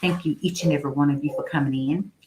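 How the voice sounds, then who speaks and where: A woman's voice: low voice, steady tone, fast, a little mellow, a little hiss or hum, poor audio. A young woman hosting a casual live stream, greeting viewers by name and testifying about her faith. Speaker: livestream host.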